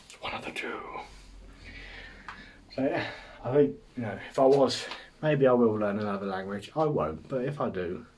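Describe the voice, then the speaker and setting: A man's voice: mid-range voice, normal speed, a little mellow, far from the mic, a little hiss or hum. Rambling, sweary English man. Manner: rambling, sweary, self-mocking. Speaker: podcast host. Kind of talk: casual comic monologue.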